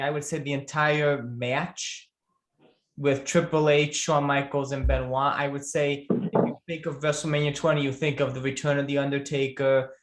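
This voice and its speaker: A male podcast guest in casual chat, speaking at a middle pitch. He thinks aloud and circles back over his own phrases. His voice echoes in a roomy space. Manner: thinking aloud, repeating phrases as he works out an answer. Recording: roomy echo.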